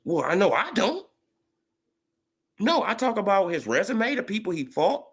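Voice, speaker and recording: A man's voice: sits high, moderate pace, slightly rough. Guy w ranting on a boxing vlog, voice swinging way up and down, swears a lot. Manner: animated, profane, rising to excited rants. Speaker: boxing commentator vlogger. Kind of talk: casual monologue.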